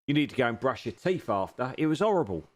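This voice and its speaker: A man's voice: mid-range voice, sing-song, quick pace. Chatty man bantering with his stream. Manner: jokey, teasing banter, grateful to chat. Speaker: sim racing streamer. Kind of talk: live-stream chat with viewers while racing. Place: home sim racing rig.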